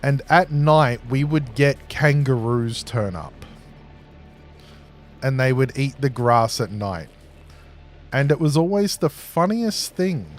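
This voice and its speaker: Taking it slowly with long pauses, an Australian man tells rambling stories to his livestream audience while playing a game, chatty and laughing at his own anecdotes. His medium-pitched voice is expressive, with faint music behind him.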